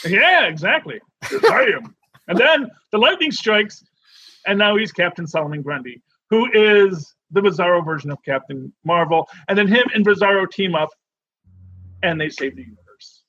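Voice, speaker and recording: A man co-hosting a podcast in casual chat, rambling and animated with many restarts. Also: sits high, normal speed, dry recording, highs cut off. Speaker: podcast co-host.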